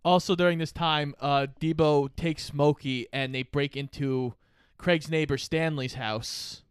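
A co-host in casual chat, calmly summarizing movie plot points. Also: medium pitch, unhurried, clean tone, dry recording, studio quality. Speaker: podcast co-host.

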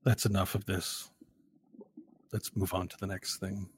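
A man voicing a calm, commanding male principal who speaks quietly and curtly in a tabletop game. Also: low voice, unhurried, slight background noise.

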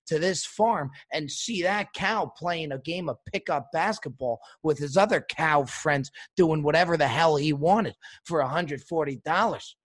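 Husky man on an indignant comic rant. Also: on the high side, fairly bright tone. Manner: indignant, mock-outraged ranting. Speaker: comedic host. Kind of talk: comedic rant.

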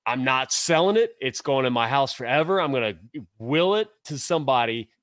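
A man's voice: mid-range voice, animated, brisk, a bit bright, dry recording, clean studio sound. A man from Tennessee and Ohio, co-hosting a casual sports chat, rambling through long stories and often stopping to restart. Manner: rambling, storytelling, self-interrupting. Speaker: podcast co-host.

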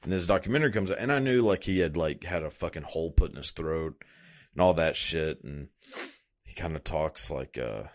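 Deep-voiced swearing young guy rambling. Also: a little fast. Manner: rambling, swears a lot, laughs at himself. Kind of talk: casual profane monologue.

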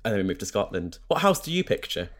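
Male co-host, slightly low pitch, relaxed rambling conversational delivery. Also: fast. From northern England. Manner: rambling, reflective, with laughs and restarts. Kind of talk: casual chat.

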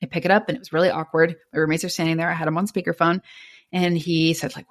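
A young adult woman appears as a podcast guest, animatedly retelling a personal story and acting out the dialogue. She has a deep voice and talks fast.

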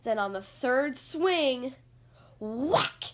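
Expressive woman reading to kids. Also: high voice, extremely slow. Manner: expressive, sing-song narration. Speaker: podcast host reading aloud. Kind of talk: children's storybook read-aloud.

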